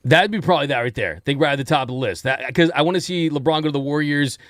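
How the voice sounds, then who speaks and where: A laid-back man co-hosting sports talk radio, with a slightly high voice and an easy laugh. He sounds close and dry on a studio mic. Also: racing, a bit bright, dry recording. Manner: easygoing, laughs often. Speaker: radio show co-host. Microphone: studio microphone.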